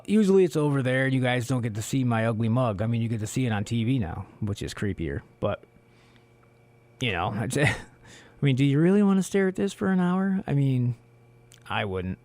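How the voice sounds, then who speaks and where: A man co-hosting a community radio show in casual solo talk, hoarse from losing his voice, rambling with many fillers, in a small studio on a studio microphone. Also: medium pitch, darkish tone, dry recording. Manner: rambling, heavy on "you know" fillers.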